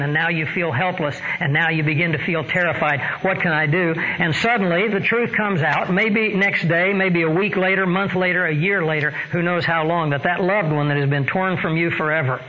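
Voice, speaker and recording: A man preaching a sermon, slow and emphatic, with dramatic pauses. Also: fairly high pitch, steady tone, sharp tone. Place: church sanctuary. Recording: dull lo-fi church recording with long reverb and faint hiss.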